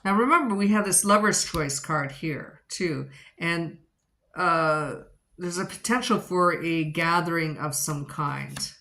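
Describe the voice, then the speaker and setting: A woman with a low voice talks through a tarot spread in a loose, chatty monologue. She circles back and repeats her questions to the cards, sounding slightly out of breath. Cards shuffle softly in the background. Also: slow. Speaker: tarot reader.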